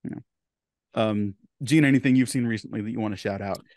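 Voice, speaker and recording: A man's voice: on the low side, brisk, a little mellow, dry recording. A man co-hosting a podcast, chatting casually with dry jokes and the odd swear. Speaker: podcast co-host. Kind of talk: casual chat.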